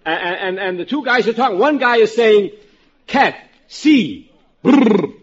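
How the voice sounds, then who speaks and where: A man's voice: high voice, a little fast, a bit bright. A man on a panel telling comedy bits, stammering on restarts and acting out the punchlines. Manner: stammering restarts, acts out gag lines. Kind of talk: joking brainstorm on a panel. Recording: dull old broadcast recording.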